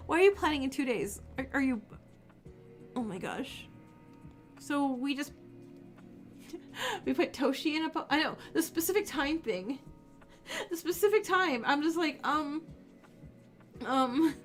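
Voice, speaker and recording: A woman streamer giving casual, animated let's-play commentary and laughing often. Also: high-pitched, a little slow, pauses often, faint music behind. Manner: giggly, animated reactions.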